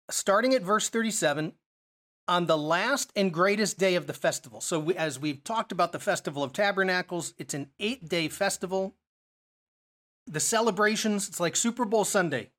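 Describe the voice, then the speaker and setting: A man's voice: high voice, fairly bright tone. A man teaching a Bible study lesson, explaining verses and asking rhetorical questions as he goes.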